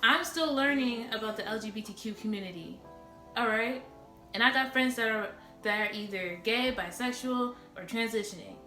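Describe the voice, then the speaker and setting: A woman vlogger speaks bluntly and passionately straight to her viewers, her fairly high voice ringing in an echoey room. Music plays clearly underneath her. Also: normal speed, sharp tone. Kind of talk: impassioned direct-to-camera rant.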